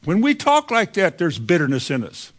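A man delivers a sermon in a plainspoken, down-to-earth way. His voice sits a little high for a man, and he slips into mimicking the voices of bitter people as he preaches. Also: huge pitch swings, moderate pace.

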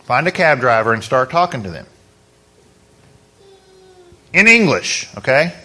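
A man's voice: mid-range voice, sing-song, unhurried, bright, forceful tone. A man preaching a sermon as pastor, in a conversational way, asking the congregation questions.

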